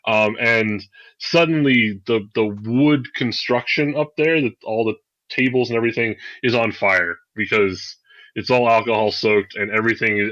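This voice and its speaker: A man's voice: on the low side, bright, forceful tone. A man narrating as game master of a tabletop game, in a loose, rambling way full of "like" and "um". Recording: dull, lo-fi podcast audio.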